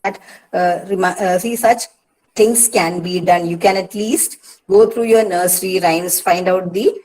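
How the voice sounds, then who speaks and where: A woman with an Indian English accent giving a patient lecture to students, often pausing with "uh" and "see" and repeating key points. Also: on the low side, steady tone, a little mellow, low-quality recording. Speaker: English literature teacher. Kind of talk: online lecture on poetic meter.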